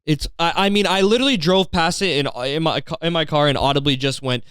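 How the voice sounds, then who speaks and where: A man with a smooth, resonant voice delivers an exasperated comedic rant, swearing constantly and dripping with sarcasm. He is recorded close and dry on a podcast mic, with no room sound. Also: on the high side, quick pace, few pauses, fairly bright tone, dry recording. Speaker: podcast host.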